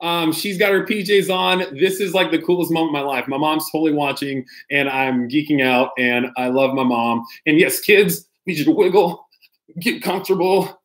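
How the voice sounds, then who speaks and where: A man's voice: fairly high pitch, moderate pace. A man, a pastor, reading a children's picture book aloud to kids on a livestream, playful and talking straight to them. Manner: playful, talks directly to kids, mock-outraged squeals. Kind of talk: animated storybook read-aloud on a livestream.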